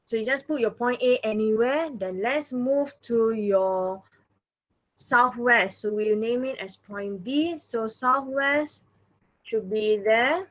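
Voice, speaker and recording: Woman math teacher, patient and repetitive, slightly high voice, online class. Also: takes it slowly, fairly bright tone. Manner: patient, repeats "all right" and "okay" often.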